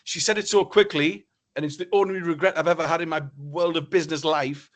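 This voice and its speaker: A man from northeast England giving a motivational keynote talk, telling a story in an animated, theatrical way. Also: on the high side, brisk. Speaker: keynote speaker.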